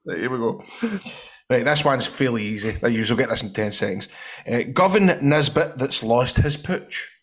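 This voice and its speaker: A Scottish man co-hosting a casual football podcast, excitable and joking. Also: medium pitch, moderate pace. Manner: excitable, laughs and shouts a lot. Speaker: podcast co-host.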